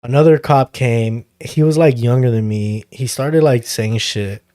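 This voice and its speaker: A man's voice: mid-range voice, measured pace, mellow, no echo, clean studio sound. A young man hosting a podcast, telling a story in a laid-back, casual way, swearing freely and chuckling now and then. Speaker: podcast host.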